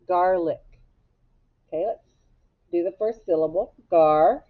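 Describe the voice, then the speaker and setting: A middle-aged woman teacher giving a slow, patient phonics lesson, sounding out word parts step by step. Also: lowish voice, phone-quality sound. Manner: slow, patient, drawn-out instruction.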